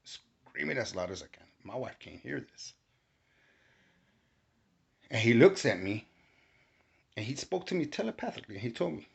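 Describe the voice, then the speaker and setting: A man giving a casual testimony, animated and rising to shouts when he quotes himself. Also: medium pitch, moderate pace, gravelly, long pauses. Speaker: storyteller recounting a spiritual experience. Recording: dull lo-fi recording.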